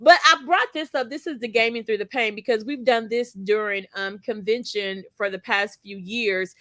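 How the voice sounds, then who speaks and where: Woman host rambling through stories on a video call, lively asides, dry close sound. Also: fairly high pitch, moderate pace, dry recording. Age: adult with school-age children. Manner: chatty, animated storytelling with playful asides. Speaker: co-host of community livestream. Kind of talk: casual chat.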